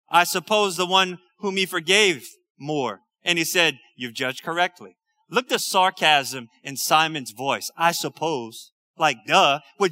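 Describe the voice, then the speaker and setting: A man with a high, very bright and forceful voice preaches to his congregation. He talks casually, dropping slangy asides between scripture readings, and the sound is close and dry. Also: no echo. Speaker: pastor. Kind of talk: sermon.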